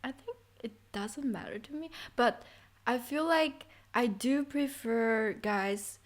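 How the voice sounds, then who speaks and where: A woman's voice: fairly high pitch, slow. A woman who is a guest on a casual podcast, giving short replies and laughing often. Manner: giggly, brief replies.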